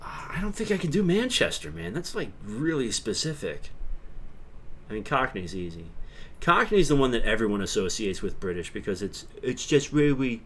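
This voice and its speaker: A man's voice: on the low side, very animated, moderate pace, fairly bright tone, slight background noise. A middle-aged man from New York with a New York accent, rambling casually on a livestream and talking to chat viewers by name. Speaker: livestream host.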